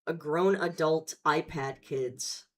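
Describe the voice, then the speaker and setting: A woman's voice: deep voice, slow. A woman hosting casual commentary, talking in a blunt, profane and sarcastic way. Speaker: host.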